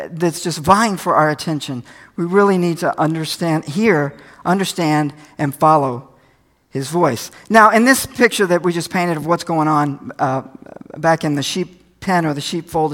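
A man's voice: fairly high pitch, fairly bright tone. An older man preaching a sermon in a folksy, conversational way, telling stories from his own life, a little tired. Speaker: pastor.

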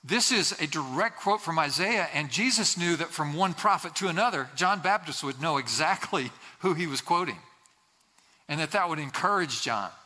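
A man's voice: a little high, lively intonation, moderate pace, bright, forceful tone. A man preaching a sermon as a pastor, earnest and repeating key phrases for emphasis, sometimes acting out quoted voices. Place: church sanctuary. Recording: long hall reverb.

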